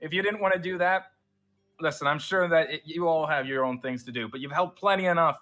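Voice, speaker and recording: A man's voice: on the high side, a little fast, pushed and bright, voice pushed up. A man voicing a jovial, boisterous army general in a tabletop game, hearty and effusive.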